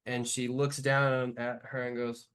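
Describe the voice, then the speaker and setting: A man's voice: mid-range voice, level tone, measured pace, fairly bright tone, smooth. A man running a tabletop game as game master, narrating loosely with lots of fillers.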